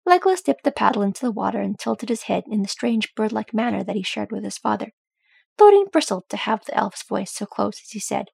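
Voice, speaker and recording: A woman reads a fantasy story aloud in an even, steady way. Her voice is husky with plenty of fry. The sound is close and dry. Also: medium pitch, brisk, no echo. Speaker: audiobook reader. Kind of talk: fan fiction audiobook narration.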